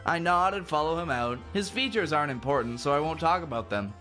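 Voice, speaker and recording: A lively man reads a fan fiction out loud and keeps breaking off to mock it. His voice sits a bit high, swings up and down a lot, and sounds bright and sharp. Faint music plays behind him. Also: a little fast. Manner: sarcastic, animated. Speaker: YouTuber reading fan fiction. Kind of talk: dramatic reading with sarcastic commentary.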